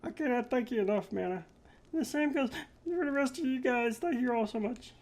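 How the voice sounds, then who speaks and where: A man's voice: extremely high pitch, animated, normal speed, a little mellow. A man reading game dialogue aloud as a grateful young man rescued by friends, his voice pushed well above his own.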